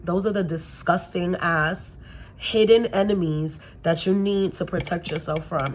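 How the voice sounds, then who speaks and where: A woman's voice: darkish tone, a little hiss or hum. A young adult woman, a spiritual reader, giving blunt, profane and slangy advice in a casual monologue. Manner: acts out quoted people in high gushing voice.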